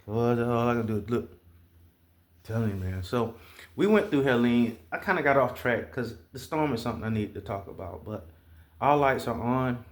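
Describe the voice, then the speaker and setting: A man telling stories in a casual monologue, profane and animated, imitating the sounds he describes. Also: medium pitch, normal speed, long pauses. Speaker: vlogger.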